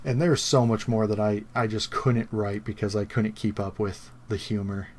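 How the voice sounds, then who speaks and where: Low-voiced man, laughing podcast chat. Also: level tone, moderate pace, a little mellow, a little hiss or hum. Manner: laughing, enthusiastic recounting of scenes. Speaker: podcast co-host. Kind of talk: casual chat.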